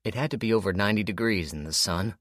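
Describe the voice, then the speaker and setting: A man narrating an audiobook in a steady storytelling manner. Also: fairly low pitch, fast, no room sound, clean studio sound. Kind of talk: scripted narration.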